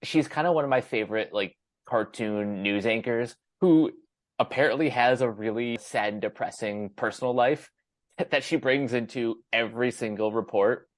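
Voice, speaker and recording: A man co-hosting a podcast in casual chat, explaining things in a measured way. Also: medium pitch, no echo. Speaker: podcast co-host.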